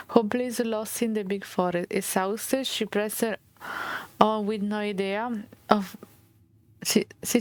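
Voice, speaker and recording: A woman with an Italian accent reading a game's fairy tale aloud as a streamer, halting and restarting, with Italian asides. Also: mid-range voice, dry recording. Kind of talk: reading game text aloud.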